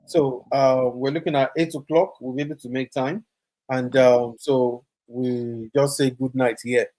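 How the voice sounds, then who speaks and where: A man co-hosting a casual commentary podcast, talking in an animated way. He laughs often and slips between English, Pidgin and Yoruba phrases as he chats. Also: medium pitch, unhurried. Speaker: podcast co-host.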